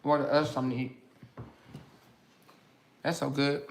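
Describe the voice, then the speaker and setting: This livestream host has an extremely low voice that barely moves in pitch, and she talks at a normal speed. Munching on snacks throughout, she reads out comments from viewers and answers them in a mocking, sassy way.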